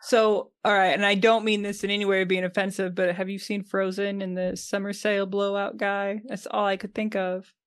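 A woman co-hosts a podcast in casual conversation, teasing and giggling often. Her voice sits at a middle pitch for a woman. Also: level tone, brisk, few pauses, clear, resonant tone. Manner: playful, giggly. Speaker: podcast co-host. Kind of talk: casual chat. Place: United States.

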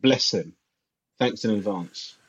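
A man's voice: lowish voice, slow, slightly rough. A man co-hosting in casual comedic chat, teasing and needling his partner. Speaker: podcast co-host.

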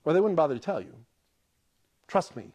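A man's voice: a little high, brisk. A man preaching a sermon, telling stories and acting out quoted lines with a rising voice. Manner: animated storyteller, acts out quotes in a rising voice.

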